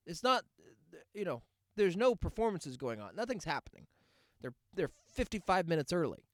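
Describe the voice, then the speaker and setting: Male podcast host, sarcastic ranting storyteller; lively, up-and-down delivery; dry, close sound. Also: high-pitched, dry recording. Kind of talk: comedic podcast monologue.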